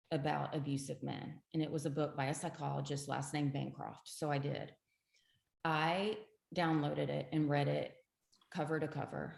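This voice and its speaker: A woman's voice: low-pitched, gravelly. A middle-aged woman, a guest in an interview, telling her own story earnestly and with emphasis. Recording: roomy echo.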